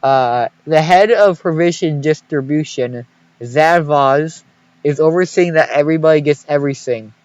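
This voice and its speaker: A man's voice: fairly high pitch, moderate pace, a little mellow, poor audio. Rambling young man joking over diaries. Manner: rambling, joking, swears a lot, stumbles over words. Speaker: podcast co-host. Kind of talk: casual podcast chat, reading diaries aloud.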